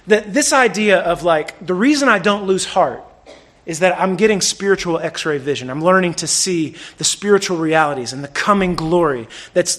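With a high-pitched voice, this male pastor delivers a lively, conversational sermon that alternates between loud outbursts and quiet, hushed lines.

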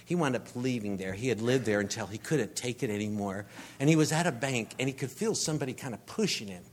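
A man, preaching a humorous sermon as a rambling storyteller who grows animated. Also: mid-range voice, fast.

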